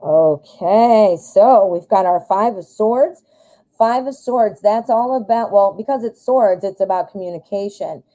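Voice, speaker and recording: Woman, tarot reader host, live stream, warm mellow tone, rambling, self-deprecating. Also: mid-range voice, unhurried, poor audio. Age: adult, married. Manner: rambling and chatty, thinks aloud with many fillers; self-deprecating humor, goes off on tangents.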